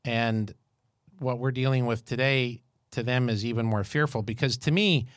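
A man's voice: medium pitch, normal speed, no echo, studio quality. Fifty-something man telling a story. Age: 50s. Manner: storytelling, animated and jokey. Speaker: podcast co-host. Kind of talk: casual chat.

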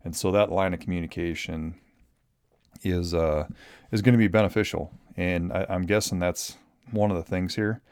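A man's voice: low voice, steady tone, moderate pace, a little mellow, smooth, dry recording, studio quality. A man in his thirties from Minnesota hosting a solo podcast, talking casually and rambling with lots of ums and restarts. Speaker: podcast host.

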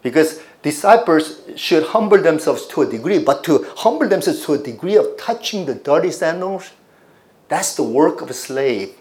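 A man's voice: fairly high pitch, animated, normal speed, darkish tone, echoey room. A man pastor preaching a teaching sermon, putting questions to his congregation as he explains scripture.

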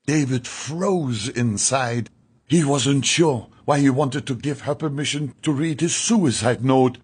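A man narrating an audiobook in a measured, solemn storytelling manner. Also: medium pitch, husky.

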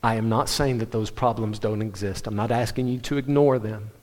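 A man preaching a sermon, telling stories animatedly with quick restarts. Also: fairly low pitch. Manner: animated storytelling, self-interrupting restarts. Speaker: pastor. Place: church sanctuary. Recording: long hall reverb.

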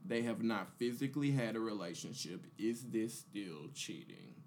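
A man's voice: fairly low pitch, expressive, normal speed, a little mellow, a little hiss or hum. A man hosting a casual roundtable podcast, joking with friends and reading out game questions. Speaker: podcast host. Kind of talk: casual group chat.

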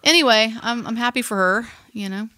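A woman co-hosting a casual podcast, telling a story in a playful, animated way. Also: fairly high pitch, brisk, no echo. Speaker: podcast co-host. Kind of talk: casual chat.

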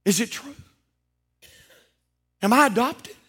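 A man's voice: very high voice, takes it slowly, pushed and bright, breathy edge, pitched above the performer's own voice, full character voice. A man quoting an upset little adopted boy, in a sermon story. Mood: tearful.

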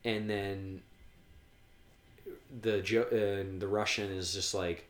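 A man's voice: level tone, slow, long pauses, echoey room. A man in casual chat, recapping film scenes and quoting the characters' lines. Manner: retells scenes with quoted lines, drops to a low murmur.

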